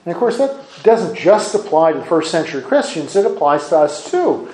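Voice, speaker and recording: A man's voice: a little high, very animated, brisk, darkish tone. A man giving sermon-style Bible teaching in an earnest way, often repeating and restarting his words. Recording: echoey room.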